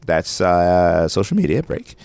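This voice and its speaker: A man's voice: sits low, very animated, a little slow, gravelly, a little mellow, no echo. A man co-hosting a podcast in a studio, chatting casually in a loose, joking way and swearing freely. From Brooklyn, New York. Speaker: podcast co-host. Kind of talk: casual chat. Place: radio studio. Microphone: studio mic.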